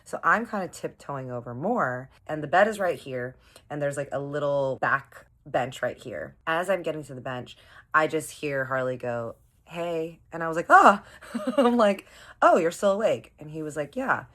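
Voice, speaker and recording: A woman's voice: deep voice, moderate pace, fairly bright tone. A young woman telling a dramatic storytime in a casual, chatty way, often calling her viewers y'all. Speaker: storytime vlogger.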